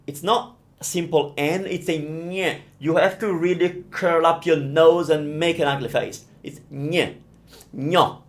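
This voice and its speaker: A young Italian man with an Italian accent runs a live pronunciation lesson. His voice sits a little high and swings widely as he draws out each sound. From Italy. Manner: animated, drawn-out demonstrations of sounds. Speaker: Italian teacher.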